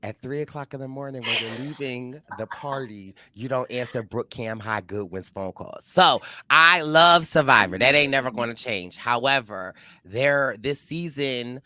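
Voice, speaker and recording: A young man co-hosting a podcast, telling animated stories with lots of fillers and acted-out quotes. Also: mid-range voice, normal speed, few pauses. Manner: animated storyteller, acts out quotes, many fillers. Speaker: podcast co-host. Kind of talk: casual chat.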